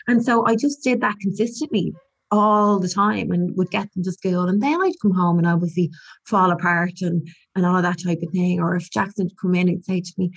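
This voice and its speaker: A woman's voice: fairly low pitch, fairly quick, gravelly, slightly rough. A woman in her forties, a podcast guest, talking in an earnest, reflective way with frequent restarts. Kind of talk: candid conversational interview.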